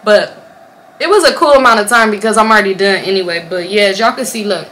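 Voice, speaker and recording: A young woman vlogger telling a storytime to her camera at home, casual and animated, swearing freely and acting out what people said. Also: mid-range voice, quick pace. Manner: animated, swearing, acts out quotes. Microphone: camera or phone on a stand.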